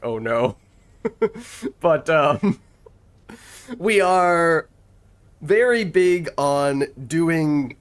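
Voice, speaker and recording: A man in casual gameplay chat as a streamer, thinking aloud and laughing often. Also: a little high. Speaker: gaming streamer.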